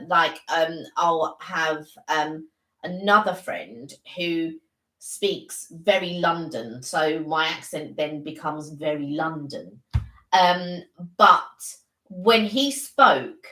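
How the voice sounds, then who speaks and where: A woman's voice: lowish voice, bright, forceful tone, echoey room, poor audio. A woman co-hosting a live stream, chatting casually and telling stories. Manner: chatty storyteller, many fillers and restarts.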